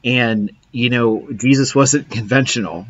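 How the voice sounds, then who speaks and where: A man hosting an interview over a video call, speaking in a heartfelt, halting way. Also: mid-range voice, fairly bright tone, lo-fi sound. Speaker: podcast host.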